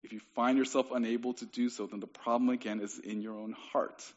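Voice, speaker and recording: A man's voice: medium pitch, little pitch movement, brisk. A young man preaching a sermon as pastor, in a casual, conversational way with frequent restarts. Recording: dull lo-fi recording.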